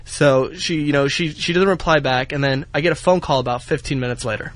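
A man's voice: fairly high pitch, brisk, a bit bright. A young man, an intern, retelling a breakup on the radio in a rambling, heated way with many fillers. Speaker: intern telling his story on air. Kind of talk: casual storytelling.

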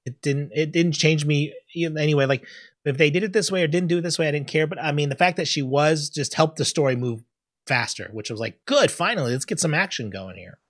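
A man co-hosting a podcast in a casual chat, animated, often laughing and acting out scenes in loud high bursts. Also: brisk, dry recording, studio quality. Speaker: podcast co-host.

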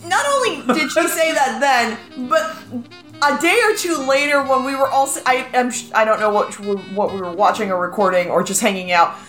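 High, lively teasing woman. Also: moderate pace. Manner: amused, teasing, laughs while talking. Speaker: podcast co-host. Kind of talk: casual chat. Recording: roomy echo with faint music.

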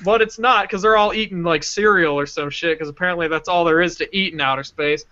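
A man on a casual podcast, retelling a movie in a profane, animated way. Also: fairly high pitch, a little fast, muffled recording. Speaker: podcast co-host.

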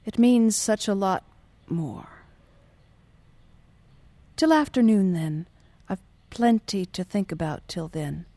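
A woman's voice: mid-range voice, animated, takes it slowly, dark tone, dry recording. A woman voicing an anxious, self-pitying young suitor who pleads and turns bitter. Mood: pleading. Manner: pleading, bursts of fierce bitterness.

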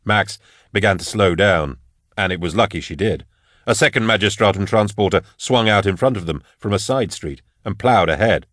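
A man narrating an audiobook in a steady storytelling manner. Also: on the low side, normal speed, no echo, clean studio sound.

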